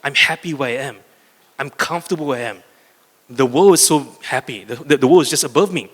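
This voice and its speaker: Little storybook frog, content and curious, gently exclaiming; male keynote speaker voicing it, hall echo. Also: mid-range voice, brisk, lightly acted. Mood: wondering. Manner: wondering, cheerful exclamations. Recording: reverberant conference hall.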